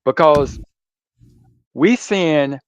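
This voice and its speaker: A man calling into a talk show, asking slow and emphatic questions. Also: fairly high pitch, clear, resonant tone, dry recording.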